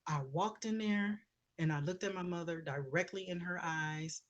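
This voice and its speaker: A woman's voice: fairly low pitch, normal speed, muffled recording. A woman, an author guest in an interview, telling a personal story in a heartfelt, conversational way, often searching for words.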